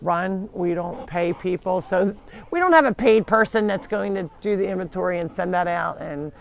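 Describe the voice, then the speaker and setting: A woman's voice: on the low side, normal speed, vocal fry. Woman, farm sanctuary host, casual livestream tour, chatty, talks to the animals, walking around a farm. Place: farm, walking between buildings.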